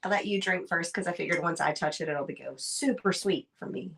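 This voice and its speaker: A woman's voice: lowish voice, brisk, vocal fry, fairly bright tone, breathy edge. A woman guest on a live tasting stream, playful and teasing about her own short notes. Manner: self-mocking, playful. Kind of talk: casual tasting chat.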